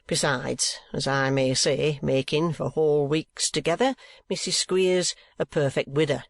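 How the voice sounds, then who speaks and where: A man's voice: on the high side, steady tone, measured pace, vocal fry, no echo. A man putting on a whining coarse schoolmaster. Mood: wheedling. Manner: evasive, pleading, ungrammatical rustic speech. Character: coarse, wheedling middle-aged male schoolmaster.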